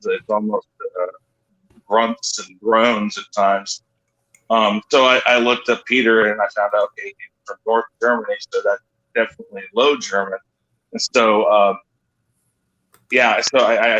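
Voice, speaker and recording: A man's voice: fairly low pitch, sharp tone, muffled recording. A man guesting on a casual livestream chat, explaining his voice work in long, rambling sentences. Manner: rambling, explanatory, many restarts. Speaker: guest voice actor.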